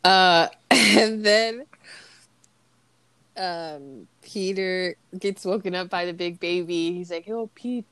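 A woman's voice: fairly low pitch, takes it slowly, smooth, no echo. A young adult woman co-hosting a podcast, casually recapping movie scenes, laughing and swearing as she acts out the lines. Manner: laughing, profane, acts out quotes in animated voices. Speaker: podcast co-host.

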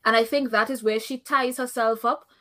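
A woman's voice: a little high, steady tone, moderate pace, bright, forceful tone. A woman co-hosting a casual reality-show recap, speaking her opinions firmly, thinking aloud and laughing often. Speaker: podcast co-host.

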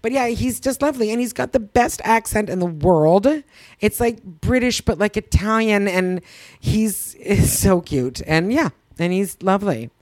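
Animated woman telling a story. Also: mid-range voice, normal speed, dry recording. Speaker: podcast co-host. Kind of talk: casual chat.

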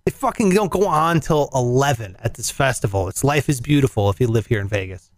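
A man hosting a show, telling a story in casual, profane, animated chat and acting out the voices in it. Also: medium pitch, brisk, no echo. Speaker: radio show host. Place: in Las Vegas.

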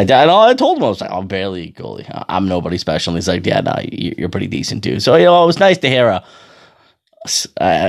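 A man's voice: deep voice, gravelly. A man in his thirties telling a rambling, profane story in casual monologue, often laughing. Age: 30s. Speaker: amateur hockey goalie.

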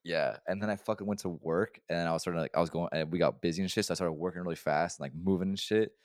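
A young man co-hosting a podcast, telling stories fast and swearing a lot in casual chat. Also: low voice, no room sound, clean studio sound. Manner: fast-talking, swears a lot, animated storytelling. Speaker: podcast co-host.

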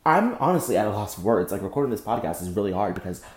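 A young man hosting a solo podcast, speaking angrily and with deep emotion, often breaking off and repeating himself. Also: sing-song, rapid-fire, roomy sound. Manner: angry, emotional, repeats and restarts. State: emotionally shaken. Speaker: podcast host. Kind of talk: impassioned solo podcast monologue.

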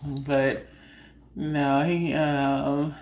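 A woman's voice: low-pitched, extremely slow. A woman hosting a podcast, chatting casually and frankly, laughing often and acting out conversations. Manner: frank, laughs often while telling stories; animated, acts out her own side of conversations. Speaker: podcast host. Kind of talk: casual chat.

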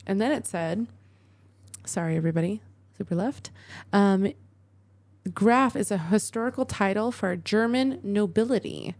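A woman's voice: medium pitch, animated, normal speed, pauses often, darkish tone. Chatty woman co-hosting a podcast. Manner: chatty, joking. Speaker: podcast co-host. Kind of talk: casual chat.

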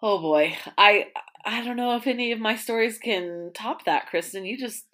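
A woman's voice: a little high, moderate pace, pushed and bright. A woman hosting a casual podcast chat, reading listener stories aloud and telling her own work stories. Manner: reads listener stories aloud, reacts with laughs. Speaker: podcast host.

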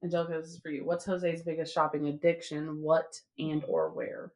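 A woman's voice: sits low, level tone, normal speed, low-quality recording. A woman hosting a casual podcast game, reading questions aloud and laughing easily. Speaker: podcast host. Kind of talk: casual chat.

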